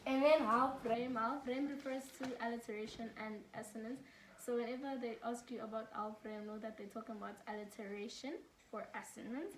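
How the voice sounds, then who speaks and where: A young South African woman, a student tutor, gives casual study tips from a room at home during load shedding, chatty and laughing as she mixes English with Afrikaans. Her voice is a little high and steady, a bit fast, with a little hiss or hum, and the room sounds echoey with the mic set at a distance.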